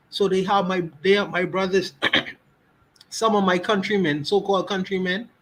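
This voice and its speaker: A man's voice: high-pitched, sharp tone, poor audio. A Bahamian man with a Bahamian accent, speaking on a livestream podcast and repeating his key words for emphasis.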